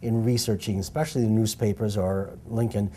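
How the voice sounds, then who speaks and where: A man's voice: on the low side, steady tone, brisk, mellow, slight background noise. A male interview host asking long, winding questions with a few fillers.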